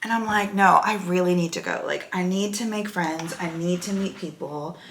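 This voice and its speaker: A woman's voice: on the low side, normal speed, gravelly, fairly bright tone, a little hiss or hum. Chatty woman vlogging in a car. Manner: chatty and rambling, lots of "like" and "right?". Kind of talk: casual chat to camera.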